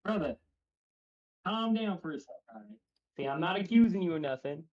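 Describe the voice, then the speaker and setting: Guy calling in over a muffled call line, rushed, lots of "like". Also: high-pitched. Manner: rushed, calming, filler-heavy. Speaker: caller. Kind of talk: voice call on a stream. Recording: dull lo-fi call audio.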